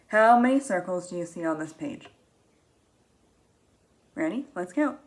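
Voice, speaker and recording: A woman teaching young children, reading a picture book aloud in an animated, expressive way, gasping and asking them questions. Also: lowish voice. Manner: animated and expressive, with frequent gasps and drawn-out words.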